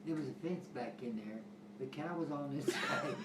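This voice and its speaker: A man's voice: on the high side, huge pitch swings, normal speed, crowd noise. An older man telling family stories in a casual, rambling way, chuckling often. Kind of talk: casual storytelling. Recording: roomy home recording with background noise.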